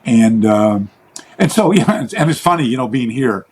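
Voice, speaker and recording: A husky-voiced man from Western speaks at a moderate pace in a mid-range voice with lively intonation. A karate teacher and researcher, he tells long, rambling stories in an interview, often restarting sentences and acting out other people's voices.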